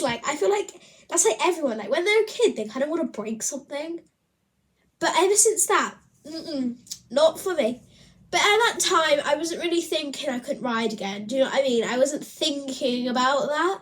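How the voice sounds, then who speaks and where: A woman's voice: high-pitched, moderate pace. A woman chatting to camera in a casual, rambling vlog, often laughing as she talks. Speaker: vlogger.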